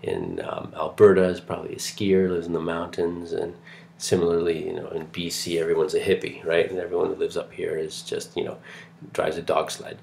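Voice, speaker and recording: A man's voice: deep voice, a little fast, vocal fry, a little mellow, a little hiss or hum. A middle-aged man from Canada giving a recorded lecture in a chatty, digressive way, full of fillers and restarts.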